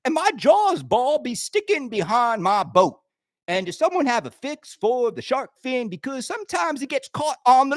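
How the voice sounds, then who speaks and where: Brief: middle-aged male host, high voice, bone-dry close sound, heated rambling rant. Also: moderate pace, no echo. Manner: animated, swinging between loud outbursts and quiet asides. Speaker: pinball show host. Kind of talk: ranting monologue.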